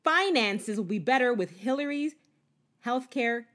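Casting note: woman, slightly high voice, measured co-host reading facts in casual chat. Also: animated, a bit bright. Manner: measured, reads facts, runs the speed round. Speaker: podcast co-host. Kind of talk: casual round-table chat.

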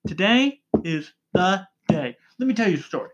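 Excitable podcast lady, keeps yelling into the mic, numb lips, casual banter. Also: on the low side, moderate pace, muffled recording. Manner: loud, yells into the mic when excited. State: numb lips from cold sores. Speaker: podcast co-host.

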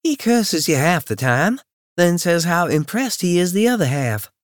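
A man's voice: sits high, normal speed, no echo, studio quality, pitched above the performer's own voice. A man voicing a chatty, frank young woman. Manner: lively, gossipy, blunt.

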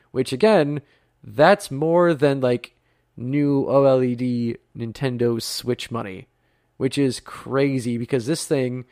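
Male podcast host in his thirties, gravelly, chatty and rambling, dry close-mic sound. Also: medium pitch, dry recording. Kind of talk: casual podcast talk.

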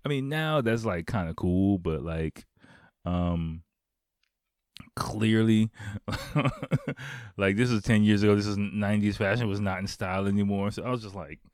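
A man's voice: lowish voice, measured pace, darkish tone, clear, resonant tone, dry recording, studio quality. A man casually telling a funny story, laughing often, acting out quotes and swearing freely. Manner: swears a lot.

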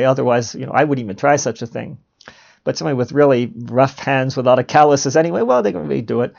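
A man's voice: fairly high pitch, creaky, a little mellow. A middle-aged man hosting a reflective solo podcast monologue, musing and posing rhetorical questions he then answers himself. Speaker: podcast host. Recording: muffled lo-fi recording.

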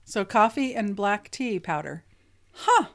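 A woman's voice: mid-range voice, big pitch swings, a little slow, vocal fry. Middle-aged woman, podcast co-host; chatty, laughs easily, trails off mid-thought. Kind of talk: casual chat.

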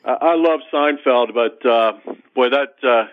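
A man's voice: mid-range voice, a little slow. A man calling into a radio show, scornful and hesitant, with many fillers. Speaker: caller. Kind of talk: call-in radio chat. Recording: tinny phone line.

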